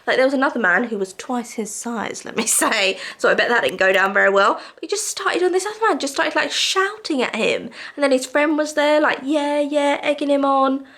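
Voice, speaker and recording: A woman's voice: fairly high pitch, expressive, a little fast, few pauses, sharp tone. A woman talking casually to camera in a vlog, shaken and a little tearful, chatting with lots of fillers. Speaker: vlogger.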